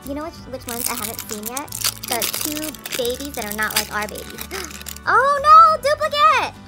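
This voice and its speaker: A woman's voice: a little high, fairly quick. A woman hosting a toy unboxing, gushing and gasping in a sing-song voice and cooing at the dolls. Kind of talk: excited toy unboxing chat. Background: background music.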